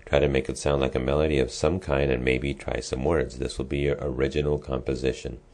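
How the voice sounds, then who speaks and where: A man with an extremely deep, low voice walks students through a class assignment. He talks casually and explains each step, pausing on ums and restarting his sentences. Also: level tone, darkish tone. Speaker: music teacher. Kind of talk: screen-recorded lesson walkthrough.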